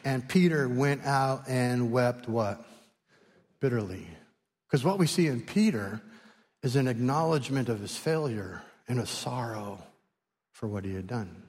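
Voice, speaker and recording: Animated preacher man in a reverberant hall. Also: mid-range voice, measured pace, husky. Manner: animated storytelling, acting out voices. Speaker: pastor. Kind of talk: sermon.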